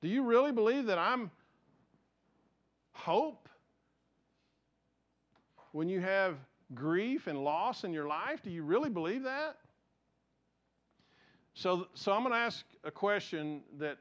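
Male pastor, sermon, earnest storytelling, fairly high voice, muffled lo-fi sound. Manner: earnest, storytelling, swings from raised emphasis to quiet, hushed passages. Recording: dull lo-fi sound.

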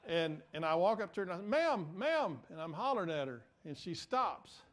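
A man's voice: a little high, lively intonation, fast. A male pastor, telling a story in a conversational, self-deprecating sermon. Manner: conversational, self-deprecating, acts out quoted voices.

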